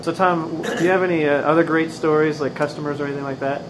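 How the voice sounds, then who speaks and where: A man interviewing a deli owner, prompting him with quick questions. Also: on the high side, fairly even intonation. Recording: clear background noise.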